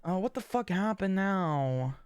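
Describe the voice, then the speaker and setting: A woman's voice: mid-range voice, expressive, measured pace, a little mellow, smooth, dry recording, clean studio sound. A woman livestreaming, chatting casually with her viewers in a blunt, rambling way and swearing often. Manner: blunt, swears a lot, rambles and talks to chat.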